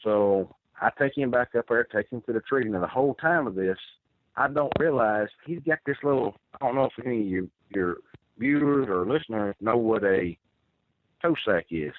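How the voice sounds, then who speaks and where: A man's voice: mid-range voice, animated, moderate pace. Man telling a tale by phone. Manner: rambling, earnest, with restarts. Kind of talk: first-person storytelling. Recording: tinny phone line.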